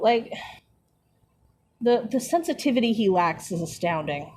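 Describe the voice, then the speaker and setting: A woman's voice: mid-range voice, animated, measured pace, darkish tone. A young woman with a mid-range voice riffs sarcastically on a book she is reading aloud. She swears freely and leans on fillers as she talks. A faint background hiss sits under the voice. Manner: sarcastic, profane asides, frequent fillers. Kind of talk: casual commentary while reading aloud.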